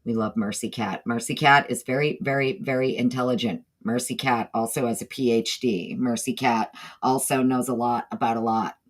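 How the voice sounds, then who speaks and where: A woman with a Southern drawl hosts a relaxed livestream chat. She talks loosely, wandering between her thoughts and greeting members of the chat by name as they arrive. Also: very deep voice, normal speed. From northeastern United States. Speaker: livestream host.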